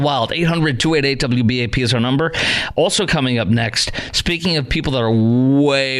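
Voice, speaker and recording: A middle-aged man hosting call-in talk radio, his voice sitting at an ordinary male pitch. He talks in a sarcastic, exasperated way and scoffs at the material he runs through. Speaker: radio talk show host.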